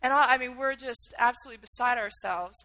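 A woman's voice: fairly high pitch, quick pace, pushed and bright, low-quality recording. A woman telling a personal story in a vivid, emotional way, acting out the quotes.

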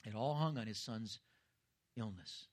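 A man's voice: lowish voice, measured pace. A middle-aged man preaching a sermon as pastor, earnest and rising to emphatic intensity.

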